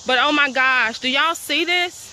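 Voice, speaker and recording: A woman's voice: high voice, a little slow, pushed and bright, a little hiss or hum. A woman, out of breath, walking a rural trail and vlogging into a phone, upset and indignant, asking her viewers pointed questions. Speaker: property owner filming a vlog. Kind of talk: walking vlog, talking to viewers. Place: outdoors on rural land, crickets.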